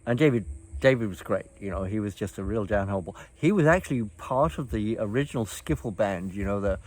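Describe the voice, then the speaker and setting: An older man recounts old times in casual, rambling fashion. His voice sits on the low side. He drifts, hesitates and restarts, filling the pauses with ums and uhs. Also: expressive, darkish tone. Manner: meandering, halting, many fillers and restarts. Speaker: storyteller recounting his past. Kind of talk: casual reminiscing chat.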